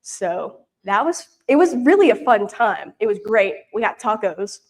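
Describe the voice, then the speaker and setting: A woman's voice: mid-range voice, sing-song, measured pace. A young woman from Louisiana giving a casual, rambling report at a church prayer meeting, full of fillers and restarts. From Louisiana, US South. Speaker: mission intern giving a report. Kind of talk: casual storytelling talk.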